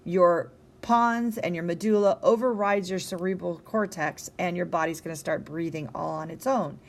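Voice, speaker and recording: A tired young woman teacher talks through a recorded science lecture in a casual, chatty way. Her voice sits a little low, and she keeps checking in with her listeners. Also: moderate pace, hardly any pauses. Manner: casual, conversational, with many ums and rhetorical "okay?". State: tired, yawning.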